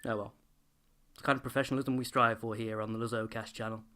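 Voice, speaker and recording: A man's voice: lowish voice, flat delivery, fast, bright, forceful tone, faint music behind. A man hosting a let's play, giving comedic game commentary with dry, sarcastic asides.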